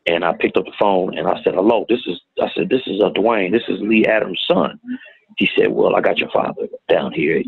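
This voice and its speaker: A middle-aged man telling a painful personal story in a plain-spoken, halting way, recorded with tinny phone-like sound. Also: on the low side, vocal fry, breathy edge, no room sound. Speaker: guest telling his story. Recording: tinny phone-like audio, dry.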